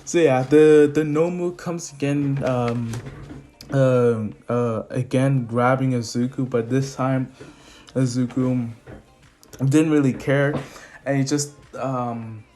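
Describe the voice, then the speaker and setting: A man's voice: mid-range voice, steady tone, slow, dark tone, faint music behind. A man casually retelling an improvised anime fan story, rambling with restarts and laughs.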